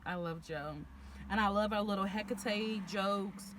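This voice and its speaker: A woman's voice: mid-range voice, fairly even intonation, a little slow, a bit bright, a little hiss or hum. A young woman from Texas with a Houston accent, chatting casually and animatedly to camera about her friends, full of slang. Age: young adult. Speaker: vlogger.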